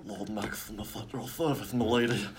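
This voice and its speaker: A man's voice: on the low side, brisk, a crowd in the background, natural voice. A man voicing a pompous, creepy self-styled lord who speaks with grand courtly flourishes. He is a player at a tabletop game. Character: pompous fedora-wearing man, Lord Maximus.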